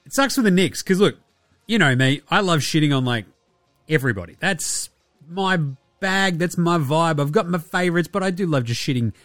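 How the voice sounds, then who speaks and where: An Australian man with a fairly high voice, riffing through basketball news in a loose, sweary and sarcastic way. He keeps slipping into mocking put-on voices for the players and reporters he talks about. The sound is dry and close, with faint music underneath. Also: animated, normal speed, a bit bright, no room sound. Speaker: podcast host. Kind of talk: casual sports commentary.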